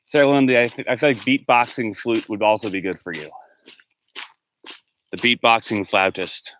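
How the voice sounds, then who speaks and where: A man's voice: lowish voice, normal speed, a bit bright. A man casually chatting with viewers while walking outdoors, rambling from topic to topic and answering them by name. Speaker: livestream host and musician. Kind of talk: casual chat on a walk. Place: outdoors, walking through a neighborhood. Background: faint street noise, dogs barking in the distance.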